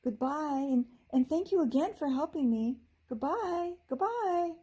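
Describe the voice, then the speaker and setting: A woman voicing a tiny, weak young female fairy who speaks softly and sleepily. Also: on the high side, lively intonation, moderate pace, husky, voice pushed up. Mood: grateful. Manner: sleepy, soft and sweet.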